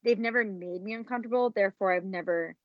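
A woman's voice: medium pitch, fast, no echo, dull audio. A woman in her thirties co-hosting a podcast, chatting casually and frankly, swearing freely. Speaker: podcast co-host. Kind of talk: casual chat.

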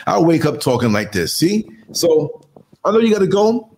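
Older male live-stream host in his sixties, fairly high voice, emphatic and motivational, fond of fight talk. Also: very animated, moderate pace, darkish tone, slight background noise. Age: 60s. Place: indoors under studio lights.

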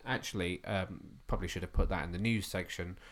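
A man's voice: low voice, steady tone, fairly quick, fairly bright tone. A man co-hosting a podcast, asking curious questions in a casual chat about comics. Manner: curious, asks lots of questions. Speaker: podcast co-host.

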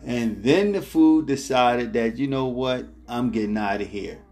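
Slow, rambling storytelling man. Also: medium pitch, soft background music. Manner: rambling, repeats words, chuckles as he tells; addresses viewers directly as ladies and gentlemen. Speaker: travel vlogger. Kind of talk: casual storytelling.

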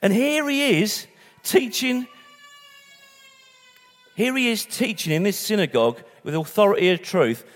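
A man's voice: sits high, animated, a little slow, pauses often, long reverb tail. A man preaching a sermon in a conversational way, with restarts and asides.

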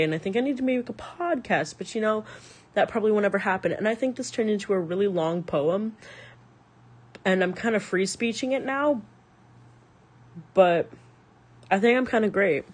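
A young adult freestyling a raw, confessional spoken-word poem with heavy swearing, halting now and then to restart a phrase. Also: mid-range voice.

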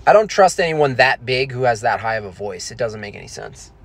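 A man's voice: mid-range voice, big pitch swings, brisk. A man chatting casually, rambling and joking irreverently as he reacts to comments. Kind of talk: casual chat.

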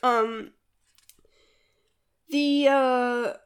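A woman's voice: high voice, fairly even intonation, drawn-out words, clear, resonant tone. A woman who creates and writes a podcast, chatting casually and rambling with many fillers as she answers listener questions.

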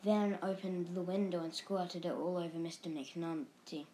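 A woman narrating a children's storybook with a lively, expressive delivery. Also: lowish voice, normal speed, a little hiss or hum, poor audio. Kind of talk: storybook reading.

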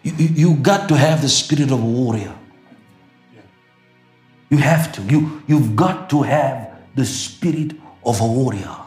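A man's voice: mid-range voice, a little slow, darkish tone, echoey room, faint music behind. A middle-aged male pastor from South Africa preaching a sermon, emphatic and repetitive, with sudden bursts and laughter.

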